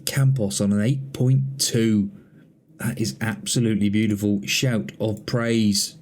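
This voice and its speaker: A man's voice: on the low side, fairly even intonation, measured pace, a little mellow. A man playing a football management game, commenting on the matches in chatty mock broadcast style and talking to an imaginary co-commentator. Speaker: gaming channel host.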